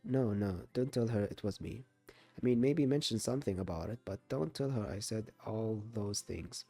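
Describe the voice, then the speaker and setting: A man's voice: fairly low pitch, normal speed, gravelly, warm tone, no echo, faint music behind. A man voicing a sullen, jealous young woman in a dating game, grudging and squeamish. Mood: anxious.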